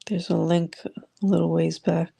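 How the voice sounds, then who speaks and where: A woman hosts a casual live audio room, chatting and greeting listeners by name as she reads their comments. Her voice is low and gravelly, with a dark, mellow tone. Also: flat delivery, moderate pace, a little hiss or hum.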